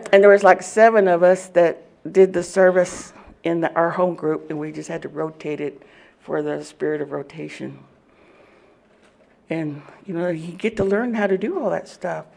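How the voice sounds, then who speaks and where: Woman, gravelly voice, personal testimony, animated storytelling, frequent laughter. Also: fairly low pitch, moderate pace. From Oklahoma. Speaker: speaker at a recovery meeting.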